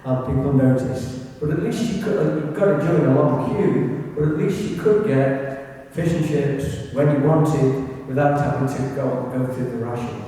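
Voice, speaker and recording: A man's voice: medium pitch, a little slow, warm tone. A man from England giving an illustrated local history talk, chatty and anecdotal, with asides to his audience. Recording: echoey hall recording from far off.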